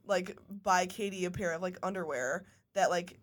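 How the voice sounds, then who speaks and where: A woman's voice: on the low side, normal speed. A giggly woman from the United States co-hosts a podcast in loose, casual chat. She strings her thoughts together with constant "like" fillers and easy laughter. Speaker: podcast co-host.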